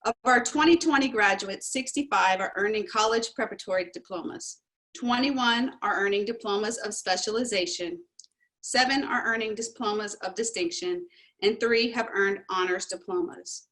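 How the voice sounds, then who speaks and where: A woman's voice: mid-range voice, a bit bright, poor audio. Woman principal giving a formal address. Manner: measured, formal reading of figures. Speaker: high school principal.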